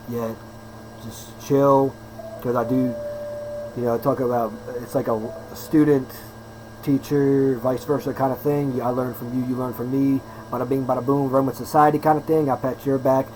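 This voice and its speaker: A man's voice: medium pitch, slight background noise, poor audio. Hyper upbeat man in his thirties. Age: 30s. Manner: hyper, fast-talking, repeats himself, upbeat slang. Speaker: personal trainer vlogger. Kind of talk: casual rambling vlog talk.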